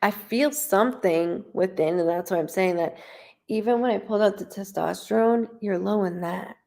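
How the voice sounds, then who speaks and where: Blunt, gravelly-voiced woman medium. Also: medium pitch, normal speed, a little mellow. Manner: blunt, swears freely, talks straight to the viewer. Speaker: psychic medium doing live readings. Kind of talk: casual live-stream reading.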